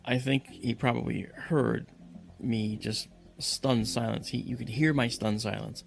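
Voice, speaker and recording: A man tells a personal story with a gravelly edge in his voice. He slows down and restarts often, and his pitch jumps up whenever he acts out someone's lines. The telling is dramatic and personal. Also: fairly even intonation, faint music behind. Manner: acts out voices in quotes, halting with fillers.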